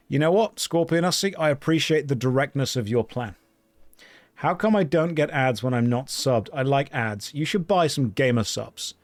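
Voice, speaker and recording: A man live-streaming an online game, chatting casually with his viewers and joking in a deadpan way while reading their messages aloud. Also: medium pitch, no echo.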